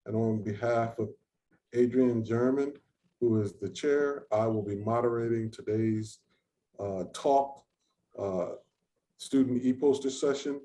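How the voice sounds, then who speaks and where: A man's voice: mid-range voice, a little slow, warm tone, a little hiss or hum. A man moderating an online session over a video call, talking in an informal, chatty way. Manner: informal, chatty, thinking aloud. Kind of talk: hosting an online research session.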